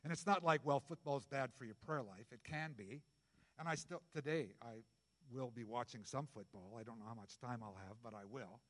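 A middle-aged male pastor preaching a sermon in a conversational, jokey way, jumping from loud bursts to soft asides. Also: mid-range voice, a little fast, long reverb tail.

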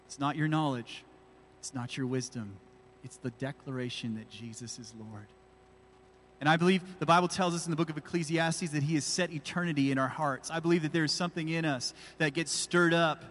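Higher-voiced pastor preaching in an echoing hall. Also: male voice, a bit bright. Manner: emphatic, repeated rhetorical questions. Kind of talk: sermon. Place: church. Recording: reverberant church hall.

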